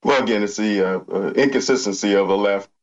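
A man's voice: on the low side, a little fast, dull audio. A man giving political commentary as a panel guest, hesitant with many fillers and restarts.

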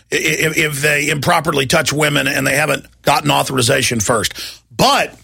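A man's voice: fairly high pitch, creaky, pushed and bright, husky, dry recording, clean studio sound. A middle-aged man hosting a talk radio show, ranting in a heated, repetitive way and mocking people with put-on voices.

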